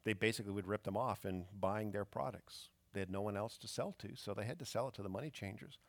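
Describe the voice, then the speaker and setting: A man's voice: on the low side, quick pace, no room sound. A man preaching a sermon as pastor, emphatic and fond of rhetorical questions.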